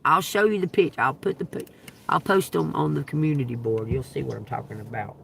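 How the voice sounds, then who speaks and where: A man, telling a profane, animated story on a casual livestream, with loud outbursts. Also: medium pitch, brisk, creaky, slight background noise. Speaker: tarot reader livestreamer.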